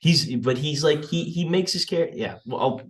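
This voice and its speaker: A man's voice: fairly high pitch, moderate pace, far from the mic. A young man co-hosting a podcast, debating a movie in a rambling, blunt, profane way with lots of restarts. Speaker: podcast co-host.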